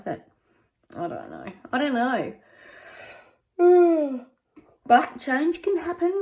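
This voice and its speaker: A middle-aged Australian woman chatting casually to her viewers in a rambling, friendly way, often calling them guys. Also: on the low side. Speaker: psychic vlogger.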